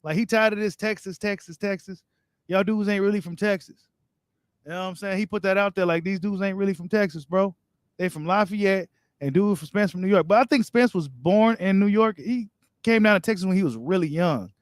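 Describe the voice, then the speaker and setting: A man's voice: sits high, fairly quick, no echo, clean studio sound. A man hosting a boxing live stream, reading viewer comments and giving his take in casual, slangy talk straight to his viewers. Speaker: boxing channel host.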